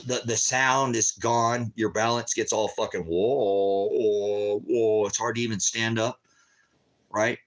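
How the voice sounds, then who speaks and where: A man's voice: fairly low pitch, a bit bright. A man giving an agitated, heavily profane, rambling livestream monologue to his viewers, repeating himself often. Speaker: ministry livestreamer.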